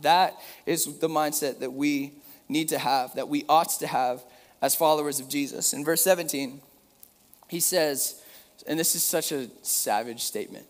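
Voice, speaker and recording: A man with a slightly higher voice preaches a relaxed, chatty sermon and drops in joking asides. His voice rings out with a long reverb tail, as if he were in a large hall. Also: moderate pace. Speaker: pastor.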